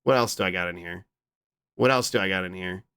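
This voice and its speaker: A man chatting casually on a live stream, reading and answering his chat with quick, repeated "what?" interjections. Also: low-pitched, pushed and bright, smooth.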